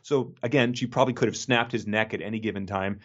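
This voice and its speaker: A man's voice: lowish voice, steady tone, quick pace, a bit bright, dull audio. A man co-hosting a podcast, chatting casually about a book, laid-back and laughing often. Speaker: podcast co-host.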